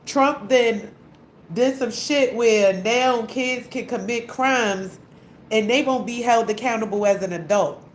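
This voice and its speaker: A woman's voice: fairly high pitch, measured pace. A young woman, delivering a heated, blunt, profanity-laced rant as a vlogger. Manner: heated, blunt, repetitive, swearing often. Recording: echoey room with faint hum.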